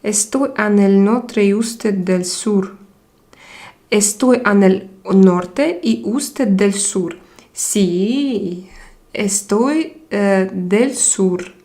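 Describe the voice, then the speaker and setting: Young woman, live-stream host, unhurried delivery, reads out chat comments and replies. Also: medium pitch, warm tone. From Russia. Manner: reads viewer comments aloud and answers them.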